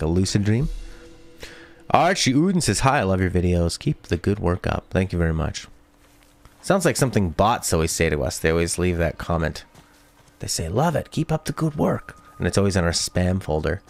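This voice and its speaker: A man doing casual let's play commentary, reading chat comments and cracking jokes. His voice sits low but swings widely in pitch, animated throughout. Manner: playful, reads chat aloud and jokes.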